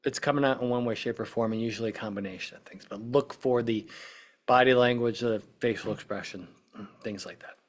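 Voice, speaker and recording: A man with a medium-pitched voice talks fairly quickly as a podcast host and witness-prep consultant. He explains things conversationally, checking in with listeners by peppering points with "right?" and "okay?", and acts out quoted speech in short bursts.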